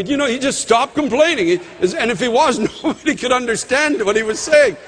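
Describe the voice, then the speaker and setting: A man's voice: very high-pitched, fairly bright tone. A man preaching a sermon as a pastor, reading and explaining scripture, rising sharply in emphasis when he quotes verses. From Canada. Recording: reverberant hall.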